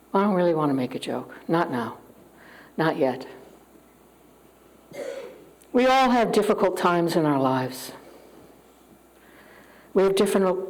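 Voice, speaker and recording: A woman speaking to a church congregation, giving an earnest, openly emotional spiritual talk and leading a prayer, with long pauses. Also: lowish voice, rough recording. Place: church sanctuary with live audience. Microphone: handheld microphone.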